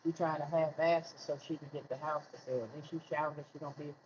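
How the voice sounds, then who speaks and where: A man's voice: fairly high pitch, fairly even intonation, fast talker. Man, casual vlog rant, rhetorical questions, colloquial talk, dull lo-fi sound. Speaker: vlogger. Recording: muffled lo-fi with faint hiss.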